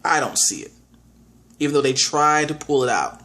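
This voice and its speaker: A man giving a casual movie review, animated, often restarting his sentences and acting out his own reactions. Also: on the high side, normal speed.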